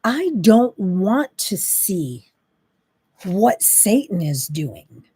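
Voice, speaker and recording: A woman's voice: mid-range voice, big pitch swings, drawn-out words, dark tone, slightly rough, no echo. A woman hosting a faith-based monologue, talking in an impassioned, exasperated, preachy way. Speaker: Christian talk host.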